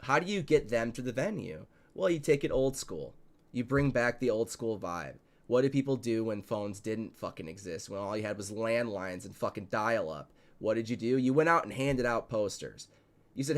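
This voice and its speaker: A man's voice: fairly low pitch, expressive, moderate pace. A man hosting a casual podcast chat, telling stories with heavy swearing and emphatic delivery. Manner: profane, emphatic, storytelling. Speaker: show host and promoter.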